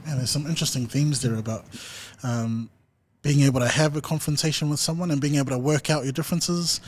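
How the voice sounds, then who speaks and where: A man's voice: a little high, fairly even intonation, fast talker, slight background noise. A young man hosting a podcast interview, speaking thoughtfully and hedging with fillers. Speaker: podcast host. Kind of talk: casual interview chat.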